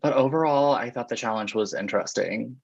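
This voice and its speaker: A chatty, gossipy man talks as a podcast guest in a middle-pitched voice, laughing easily. His audio sounds muffled and dry, with no room around it. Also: brisk, creaky, slightly rough, no echo. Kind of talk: casual chat.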